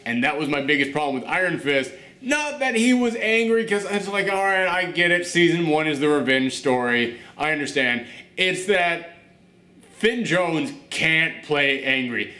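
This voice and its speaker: A man hosting a casual reaction show, talking in an animated, chatty way with lots of fillers. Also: on the high side, moderate pace, reverberant. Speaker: host.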